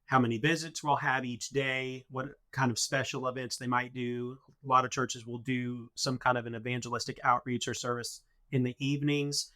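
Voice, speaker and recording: A man speaks as a guest on a casual podcast and explains plans step by step. His voice is mid-pitched with a bright, pressing edge. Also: flat delivery, normal speed, hardly any pauses. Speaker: podcast guest, head of a mission organization.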